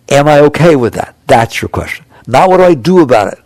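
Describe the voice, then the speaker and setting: Man, spiritual teacher, gravelly, conversational, dry recording. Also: on the high side, lively intonation, brisk, hardly any pauses, darkish tone, no echo. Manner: conversational, acts out inner voices, chuckles. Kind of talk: spiritual talk.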